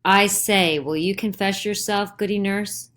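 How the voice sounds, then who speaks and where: A woman's voice: medium pitch, fairly even intonation, a little slow, a bit bright, voice pushed up, lightly acted. A woman voicing a stern older male judge who questions urgently and insistently in a dramatized play reading. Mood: pressing.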